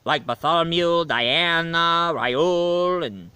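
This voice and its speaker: Dracula, as a man plays him, reviews an old game in a bright, slightly raised voice. He talks slowly and rambles, correcting himself as he goes. He sounds like a weary vampire who wants no more killing. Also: fairly high pitch, lively intonation, clear, resonant tone, dry recording, heavily acted. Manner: slow, rambling, self-correcting. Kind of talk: in-character video game review.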